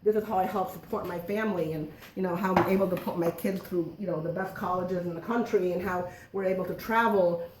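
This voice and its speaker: Chatting and joking at her own expense, a middle-aged woman runs a cooking demonstration for a small group in her home kitchen. She has a lowish voice with fairly even intonation, talks a little fast with few pauses, and sounds far from the mic in an echoey room with heavy background noise.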